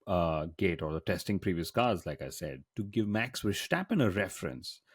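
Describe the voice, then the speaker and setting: A man with a notably deep voice hosts a relaxed podcast chat. He tells stories playfully and drops cheeky asides. The sound is dry and close to the mic. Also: normal speed, husky, no echo. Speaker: podcast host.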